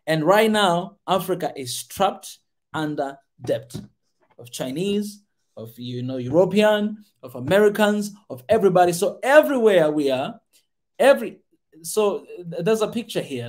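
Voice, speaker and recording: High-voiced man, fiery and repetitive. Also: expressive, measured pace, darkish tone. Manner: emphatic, repeats key words over and over. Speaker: podcast host. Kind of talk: passionate commentary reacting to a video.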